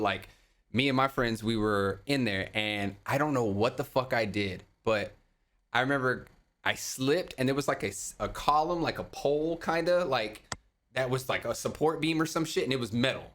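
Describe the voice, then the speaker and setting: A young man from Memphis, a podcast host, telling a story in casual chat, animated and profane. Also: fairly quick. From Memphis, USA. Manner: animated and profane, acts out quotes in a higher voice.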